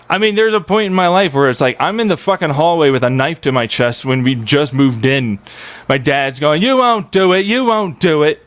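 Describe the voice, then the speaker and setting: A man's voice: fairly high pitch, fairly bright tone, no room sound. Agitated, swearing young man venting. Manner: agitated, profane, rambling. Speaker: streamer. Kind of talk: venting monologue on a live stream.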